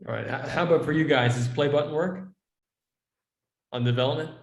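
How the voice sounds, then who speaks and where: A man's voice: a little high, a little fast, gravelly. Man on a call in an echoey room. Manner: relaxed, asks questions, laughs easily. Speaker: meeting lead. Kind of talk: casual work meeting.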